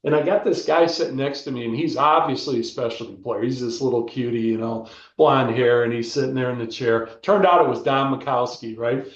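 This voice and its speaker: Older man, animated storyteller, casual interview guest, roomy, dull sound. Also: medium pitch, brisk, hardly any pauses, recorded from a distance. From United States. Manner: animated storyteller, keeps asking "right?". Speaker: former football player, guest.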